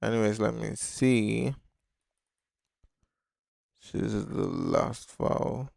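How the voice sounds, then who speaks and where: A man's voice: on the low side, slow pace, creaky, a little mellow, no echo, studio quality. A man hosting a casual live-stream design tutorial, talking loosely and thinking aloud with many fillers. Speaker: design instructor.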